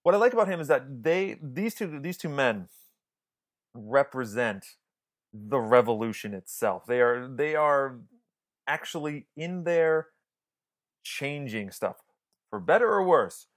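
This is a man co-hosting a film podcast in a loose, rambling chat. His voice sits at an ordinary middle pitch. He trips over his words, restarts often, and swears freely when he gets excited. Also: unhurried, pauses often. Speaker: podcast co-host. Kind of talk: casual film review chat.

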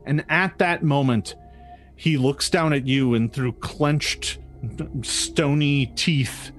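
A man's voice: on the high side, slow pace, faint music behind. A man narrating as game master of a tabletop game, hesitant and full of ums and restarts.

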